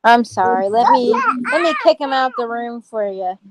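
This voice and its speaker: A woman co-hosting a casual chat show, a mother who reacts with quick jokes and exclamations. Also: on the high side, animated. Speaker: podcast co-host, mother. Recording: faint background noise.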